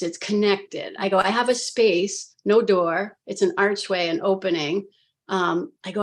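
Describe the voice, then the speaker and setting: Animated woman retelling a story. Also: medium pitch. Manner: animated, filler-heavy retelling with acted quotes of herself. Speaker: hypnosis practitioner recounting her own session. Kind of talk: casual storytelling on a live panel.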